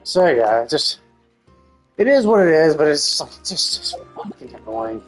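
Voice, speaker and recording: Husky woman ranting over a game. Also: low-pitched, sing-song, moderate pace, faint music behind. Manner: profane, exasperated ranting. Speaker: streamer. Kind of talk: live gameplay commentary.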